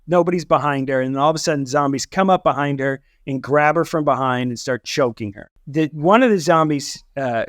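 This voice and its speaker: A man with a fairly high voice co-hosts a movie podcast in loose, animated chat. He laughs often and slips into quoted lines as he recaps scenes. The sound is dry and close, with no room around it. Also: fairly quick, hardly any pauses, no echo. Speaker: podcast co-host. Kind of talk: casual movie review chat.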